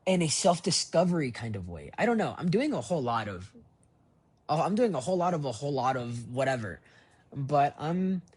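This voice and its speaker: A man's voice: a little high, sing-song, fairly quick, slightly rough. A young man recording a rambling, reflective voice memo diary on his phone, full of fillers and restarts. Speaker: voice diary keeper.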